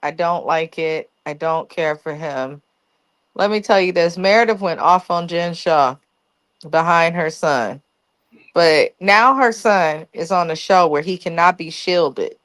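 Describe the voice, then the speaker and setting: A woman's voice: lowish voice, a little slow, a bit bright. A woman co-hosting a casual reality TV recap, blunt and dismissive, swearing freely. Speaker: podcast co-host.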